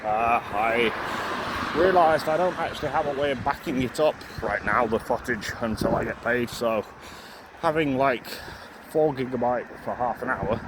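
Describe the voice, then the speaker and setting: Young man, walking vlog, mid-pitched, a bit breathless, loose rambling delivery, clear traffic noise outdoors. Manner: rambling, many fillers and restarts. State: slightly out of breath. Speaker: vlogger. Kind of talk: casual walking vlog monologue. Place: outdoors on a residential street. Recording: outdoor street noise, passing cars.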